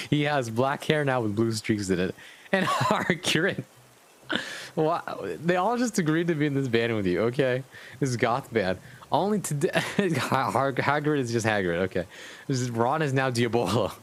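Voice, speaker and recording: A man's voice: mid-range voice, big pitch swings, normal speed. A man streaming live, reading fanfiction aloud and breaking off to chat to his viewers, amused and often profane.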